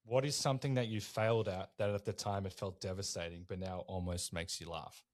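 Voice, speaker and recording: A man hosts a podcast, asking his questions and cheering on his guest's answers. His voice sits a little low, and he keeps the talk relaxed and friendly. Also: fairly quick. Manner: relaxed, encouraging. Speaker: podcast host. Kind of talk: casual interview questions.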